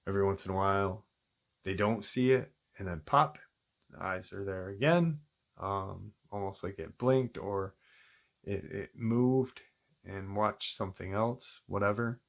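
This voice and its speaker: A man hosting a channel, casually retelling a listener's encounter in a halting way, with frequent ums and restarts. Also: lowish voice, creaky. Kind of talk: casual spoken storytelling.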